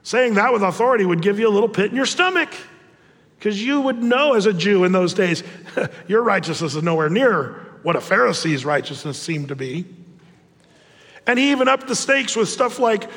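A man preaching a sermon as pastor, conversational and animated, often restarting his phrases. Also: sits high, brisk, in a large hall.

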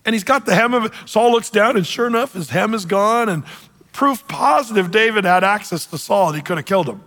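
A male pastor preaching a sermon, telling the story in an animated way with joking asides. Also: sits high, fairly quick. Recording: long hall reverb.

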